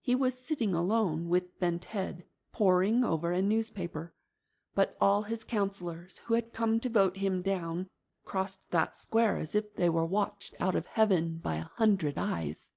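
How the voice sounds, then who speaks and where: A woman narrating an audiobook in an even, measured manner. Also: mid-range voice, gravelly.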